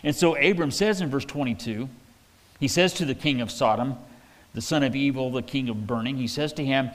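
A man preaching a verse-by-verse sermon at a middle pitch, his folksy, conversational delivery full of plain paraphrase. His voice carries a long reverb, like a church sanctuary. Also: fairly quick. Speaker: pastor.

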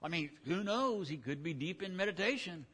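A man's voice: sits high, lively intonation, normal speed, pushed and bright, slightly rough, long reverb tail, pitched above the performer's own voice, heavily acted. A preacher voicing a sarcastic old-time male prophet who teases and taunts his rivals in a raised voice. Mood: mocking. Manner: sarcastic, teasing.

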